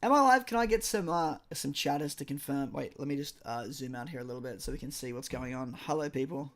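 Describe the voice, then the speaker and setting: A man with a hoarse, croaky voice, a maths teacher live-streaming exam tutoring from home and chatting with viewers. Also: mid-range voice, brisk. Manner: chatty, apologetic, reads viewer chat aloud. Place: at home, indoors. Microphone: streaming microphone.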